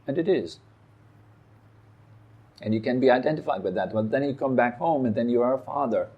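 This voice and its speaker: A man giving a meditation talk, calm and reflective, speaking in short phrases with pauses. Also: medium pitch, slightly rough, highs cut off. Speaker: meditation teacher. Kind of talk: dharma talk. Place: meditation hall.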